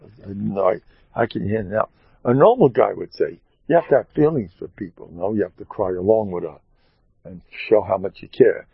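A man, a rabbi, telling a story in an animated way and mixing in Hebrew and Yiddish terms. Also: on the low side, moderate pace, vocal fry, breathy edge, dry recording, phone-quality sound. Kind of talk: storytelling talk.

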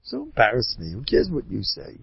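Gravelly, animated rabbi giving a talk. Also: male voice, mid-range voice, a little fast. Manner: animated, rambling, mimics other people's voices. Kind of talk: informal religious talk. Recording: dull lo-fi recording.

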